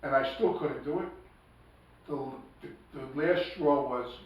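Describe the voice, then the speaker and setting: A man's voice: mid-range voice, takes it slowly, dull audio. A man, a podcast guest telling his story bluntly and emphatically. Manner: blunt, emphatic, acts out quoted speech. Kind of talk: conversational storytelling. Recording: echoey room, distant mic, faint noise.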